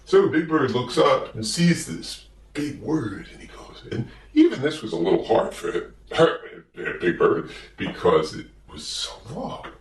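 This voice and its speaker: A man's voice: medium pitch, sing-song, a little slow, roomy sound, recorded from a distance. A man telling a comic story in a meandering way, full of fillers and self-corrections. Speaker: comedic storyteller.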